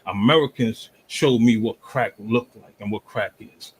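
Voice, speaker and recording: A man from Jamaica arguing forcefully in a heated online debate, pushing through interruptions. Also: lowish voice, measured pace, slightly rough, low-quality recording. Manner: forceful, repeatedly talks over interruptions.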